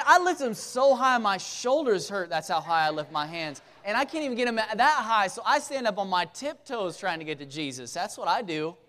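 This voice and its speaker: A man playing a jealous longtime churchgoer in a comic sermon skit, ranting loudly and complaining. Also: sits high, voice pushed up. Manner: loud, complaining rant.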